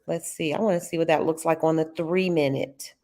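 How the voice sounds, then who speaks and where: A woman's voice: sits low, brisk. A middle-aged woman hosting a live trading stream, chatting casually and expressively with her viewers. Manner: chatty and expressive, talks to chat as y'all.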